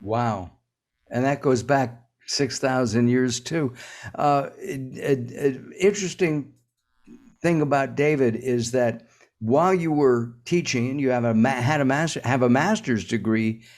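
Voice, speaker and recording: Slow, halting male podcast host. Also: mid-range voice, a little mellow. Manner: halting, many "uh" fillers. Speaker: show host. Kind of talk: interview hosting.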